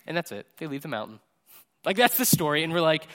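A male pastor preaching in a loose, conversational way, joking as he goes and tagging his points with "right?". His voice sits a little higher than most men's. He speaks into a microphone during a church service. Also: big pitch swings, fast, a bit bright. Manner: chatty and jokey, tags lines with "right?". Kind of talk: casual conversational sermon.

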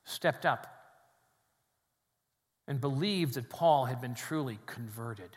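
A man preaching a sermon in a church, swinging between loud emphatic peaks and quiet, low drops. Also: slow, long reverb tail. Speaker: pastor. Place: church sanctuary with congregation.

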